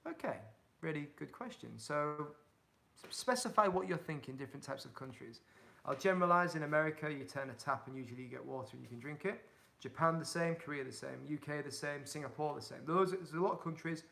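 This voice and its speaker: A man's voice: on the high side, expressive, brisk, gravelly, pushed and bright. A young man with a Hull accent from Yorkshire, chatting casually on a livestream, reading out viewer questions and giving upbeat, encouraging advice. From England. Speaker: touring cyclist answering live chat.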